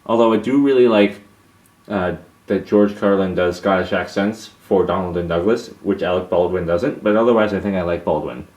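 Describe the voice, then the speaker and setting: A man's voice: deep voice, normal speed, a little mellow. A young man answering viewer questions in a casual, hesitant monologue, with many fillers and restarts.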